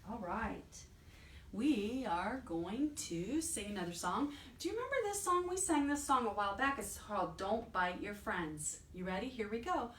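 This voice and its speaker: A woman librarian leading a toddler storytime, reading books aloud and gently asking the children questions. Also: medium pitch, very animated, normal speed, slight background noise.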